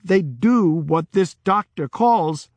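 A man's voice: high-pitched, lively intonation, takes it slowly, no echo, voice pushed up, exaggerated voice. A man playing a fierce village grandmother. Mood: impassioned. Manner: loud, forceful, pleading.

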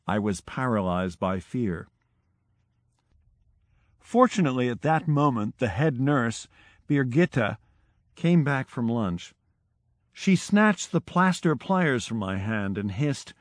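A man's voice: medium pitch, big pitch swings, no room sound. Man reading an audiobook, dry sound. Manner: measured, dramatic storytelling. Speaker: audiobook narrator. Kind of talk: scripted narration.

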